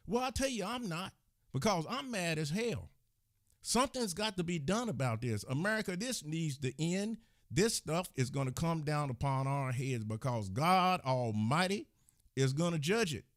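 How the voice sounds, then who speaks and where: This channel host is worked up, firing off an angry, indignant commentary at the camera and scolding the people watching. He sounds somewhat high and animated, speaking at a moderate pace. It's a dry, clean studio recording.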